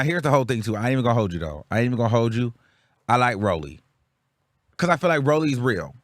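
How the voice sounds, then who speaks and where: A man's voice: a little high, fairly bright tone, no echo, clean studio sound. A young man from the Bay Area hosting his show, giving blunt, sassy commentary on reality TV in casual chat. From Bay Area, California. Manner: sassy, blunt, repetitive rants. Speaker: show host.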